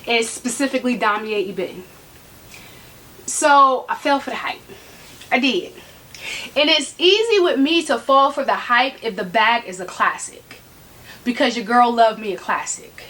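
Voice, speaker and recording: A woman with a high voice chats to camera from home in a sassy, joking way. She speaks straight to her viewers as a regular vlogger reviewing her bags. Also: animated, moderate pace, pauses often, a bit bright. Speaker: handbag collection vlogger. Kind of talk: casual talk to camera. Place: room at home.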